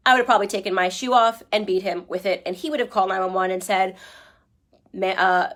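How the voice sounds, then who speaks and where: A woman's voice: mid-range voice, fast, a bit bright. A young adult woman giving an emphatic, argumentative opinion commentary that keeps asking the listener "okay?".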